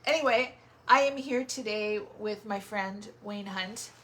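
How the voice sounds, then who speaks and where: A woman hosting a casual interview in a small home studio, upbeat and quick to laugh. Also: mid-range voice, fairly bright tone, slight background noise.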